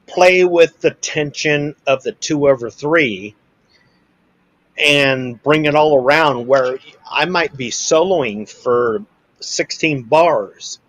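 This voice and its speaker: A man speaks slowly, patiently explaining rhythm and scatting beats aloud. The recording is dry and close, with no room echo. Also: a little high, fairly bright tone. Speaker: musician guest. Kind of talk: casual chat.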